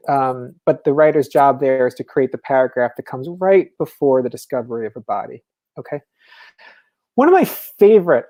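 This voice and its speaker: A man with a mellow, warm voice gives a relaxed festival talk on the craft of writing. He is enthusiastic and conversational, sprinkling in fillers and asides as he explains. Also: medium pitch. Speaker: novelist, festival speaker. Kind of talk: casual lecture on writing.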